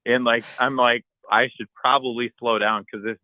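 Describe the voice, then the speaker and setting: Man, podcast co-host, casual animated storyteller, dry and slightly dull audio. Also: medium pitch, normal speed, no room sound. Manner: animated storyteller, acts out his own shouts and texts.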